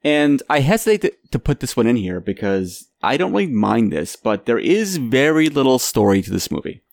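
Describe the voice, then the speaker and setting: A man's voice: medium pitch, big pitch swings, normal speed, gravelly, darkish tone, no echo. A man casually reviewing a film as a podcast host, often repeating words as he starts his sentences.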